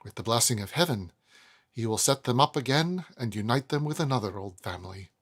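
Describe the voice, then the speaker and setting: A man's voice: mid-range voice, lively intonation, fairly quick, fairly bright tone, slightly rough. A man reading aloud and voicing a stately, proud old woman who boasts of her family pedigree, in a raised voice with a put-on Welsh lilt. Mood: lofty fond. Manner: lofty, fond, confiding.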